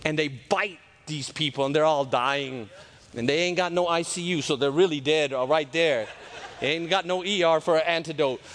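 High-voiced preacher. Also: male voice, normal speed. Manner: folksy, joking, drops into character voices, swings loud and soft. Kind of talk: lively sermon.

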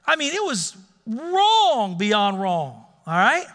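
A man preaching a sermon as pastor in a church sanctuary, lively and urging the congregation to join in. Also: very high voice, slow pace, long reverb tail.

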